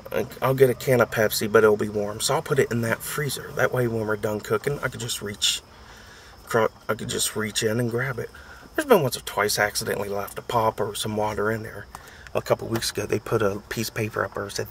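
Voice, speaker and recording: A man's voice: lowish voice, creaky, a bit bright, slight background noise. An American man in his thirties, chatting casually and complaining in a rambling, mocking way. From United States. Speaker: vlogger. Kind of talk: casual chat.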